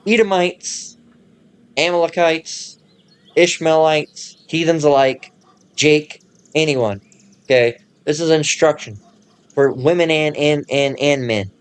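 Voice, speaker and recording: A man hosting his own channel, ranting casually in a profane, rambling way and pausing to read passages aloud. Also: a little high, clean tone. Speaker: channel host.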